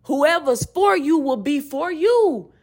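Fiery, profane woman with a lively high voice. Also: slow pace. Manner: profane, fiery, preachy and emphatic. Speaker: podcast host. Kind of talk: emphatic spiritual rant.

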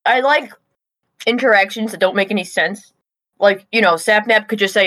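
A woman chatting offhand on a podcast, full of ums and small restarts as she reviews videos. Her voice sits at an ordinary middle pitch and sounds dry and close, with no room around it, coming through a remote call. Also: normal speed, fairly bright tone, no room sound, poor audio. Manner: offhand, talks while chewing, with frequent ums and restarts. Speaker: podcast co-host. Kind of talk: casual review chat.

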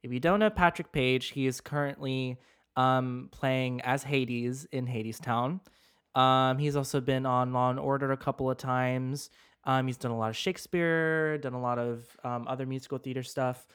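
A man co-hosting a podcast in casual chat, hesitant, with many pauses and stumbles over his words. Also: mid-range voice, steady tone, fairly bright tone, smooth. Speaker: podcast co-host.

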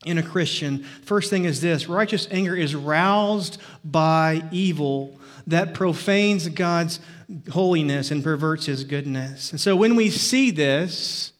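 A man preaching a sermon as pastor, emphatic, with loud rises and quiet drops. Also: sits high.

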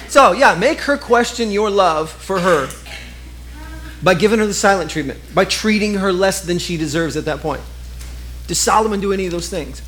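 A man with a high voice, preaching a sermon and talking straight to the congregation. His delivery is lively and conversational, full of quick asides. He sounds middle-aged. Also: a little hiss or hum. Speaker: pastor.

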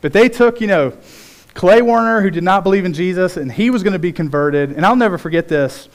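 A man preaching a sermon as pastor, telling stories in an animated way with big swings in pitch. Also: a little fast.

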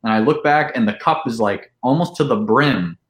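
A man telling a long, animated party story in casual chat, with lots of "like" and acted-out quotes. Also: mid-range voice, moderate pace, reverberant. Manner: animated, full of "like", acts out quotes. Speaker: podcast guest.

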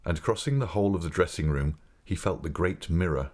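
A man with a very low voice reads a classic novel aloud as an audiobook. His narration is even and measured, unhurried between the lines of dialogue. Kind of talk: scripted narration.

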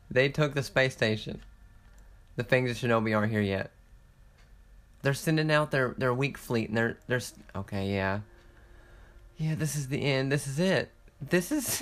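A young man giving casual, excitable commentary while playing a strategy game, swearing often and laughing through his restarts. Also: medium pitch. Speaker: gaming content creator.

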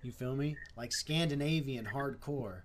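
Chill slangy dude co-hosting a live stream, mumbles then gets loud, noisy background. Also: male voice, unhurried. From Minnesota. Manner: laid-back, slangy, swings from mumbling low to loud bursts. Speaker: live show co-host. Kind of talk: casual stoned chat. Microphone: livestream mic.

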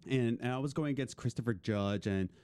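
A young man co-hosting a casual chat, rambling excitedly with many restarts. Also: medium pitch, fairly quick, clean tone. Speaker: podcast co-host.

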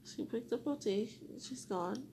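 A young woman hosting a solo podcast, talking to herself and rambling with lots of swearing, dropping to whispers and rising to loud venting. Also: fairly high pitch, a little slow, a little hiss or hum. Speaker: podcast host.

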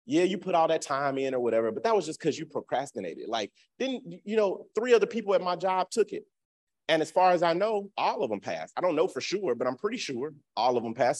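A man giving a casual teaching talk in a colloquial, conversational way, acting out the voices he quotes. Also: a little fast. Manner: animated, acts out quoted voices with big pitch swings.

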